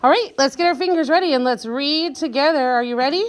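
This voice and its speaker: In a guided reading lesson, a woman with a high, bright voice helps young children learn to read. Animated and encouraging, she slows down to sound out each tricky word and prompts the class to read along.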